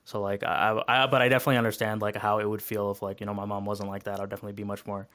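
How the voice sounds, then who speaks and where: Guy ranting fast on a podcast, lots of likes, smooth clean voice. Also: fairly low pitch, flat delivery, a bit bright. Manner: rapid, heavy use of fillers, passionate. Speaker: podcast co-host. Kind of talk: casual chat.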